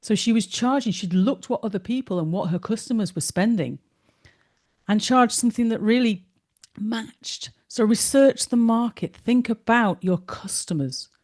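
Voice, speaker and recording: A woman leads an online business lesson in a relaxed, mellow voice. She tells stories in a chatty way and slips into the voices of the people in them. She sounds like she is on a video call. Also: on the high side, moderate pace. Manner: chatty storyteller, acts out dialogue. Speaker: business course tutor. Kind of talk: online teaching with anecdotes.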